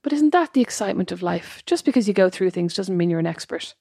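A woman co-hosts a podcast, telling stories at a rapid clip. She laughs easily and pokes fun at herself, and she sits close to a dry mic. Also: mid-range voice, lively intonation, vocal fry, dark tone, husky, no echo. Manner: chatty, laughing, self-mocking. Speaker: podcast co-host. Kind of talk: casual chat.

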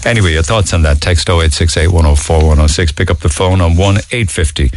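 A man's voice: low voice, quick pace, darkish tone, slight background noise. A man with a Cork Irish accent hosting a talk radio show, reading listener texts in a chatty, amused way. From Ireland. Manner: chatty, amused, often laughing. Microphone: studio microphone.

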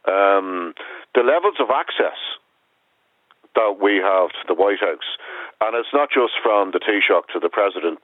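A man with a very low voice argues his case with emphasis, as a columnist would on a radio panel. He comes through a narrow, phone-like line that sounds dry. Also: no room sound. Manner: emphatic, argumentative. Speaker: newspaper columnist. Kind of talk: radio discussion.

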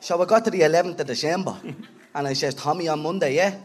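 A man's voice: a little high, fast talker. An Irish man co-hosting a live podcast, bantering with the audience and telling stories with swearing and laughter. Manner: loud, swearing, laughing storyteller. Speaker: podcast co-host. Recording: live show with loud crowd and noise.

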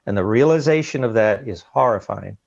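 A man as an interview guest, recounting an ordeal in an earnest, halting way and often repeating words, heard over a dull remote line. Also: fairly low pitch, lively intonation, gravelly, darkish tone, no echo. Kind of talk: emotional interview account.

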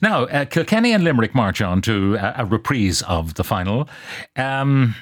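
An older Irish man hosting a radio talk show, relaxed and measured, with thoughtful pauses. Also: mid-range voice, no room sound, clean studio sound. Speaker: radio host.

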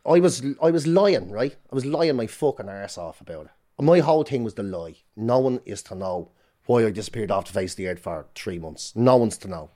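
A middle-aged Irish man talking as a podcast guest, telling his story candidly in a fast, swearing, self-interrupting way. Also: lowish voice, lively intonation, mellow. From Ireland.

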